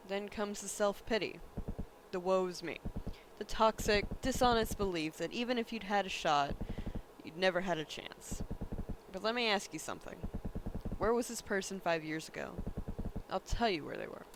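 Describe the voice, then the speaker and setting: A man's voice: high-pitched, lively intonation, moderate pace, noisy background. A man reading the lines of a scornful male talk-show pundit who lectures in a sneering way.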